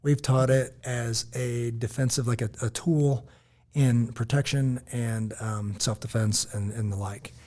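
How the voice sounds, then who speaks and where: An American man co-hosting a podcast, chatting casually and telling stories, acting out quotes in lively voices. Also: mid-range voice, a little slow. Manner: animated storytelling, quotes others in lively voices. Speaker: podcast co-host. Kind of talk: casual chat.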